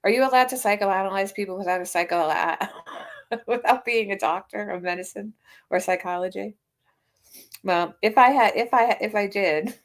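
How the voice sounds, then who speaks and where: A woman hosting a casual livestream, chatting and teasing with frequent laughs while greeting viewers. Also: medium pitch. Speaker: livestream host.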